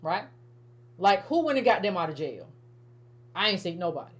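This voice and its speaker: A woman's voice: on the low side, very animated, normal speed. A woman hosting political commentary in a casual, emphatic style, often repeating herself and restarting sentences as she talks straight to her viewers. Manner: emphatic, repetitive, stammering restarts, addresses viewers as family. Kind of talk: casual direct-to-camera commentary.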